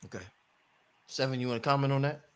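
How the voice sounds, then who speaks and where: A man, a father and the host, telling a story in casual talk, excitable and profane, with lots of "I said" and "I'm like". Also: mid-range voice, quick pace, smooth. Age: adult father.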